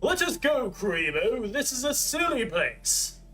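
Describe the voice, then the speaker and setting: A man's voice: extremely high pitch, very animated, measured pace, pushed and bright, faint music behind, voice pushed up, exaggerated voice. A man doing an impression of a grandiose young duelist king, declaiming his lines theatrically.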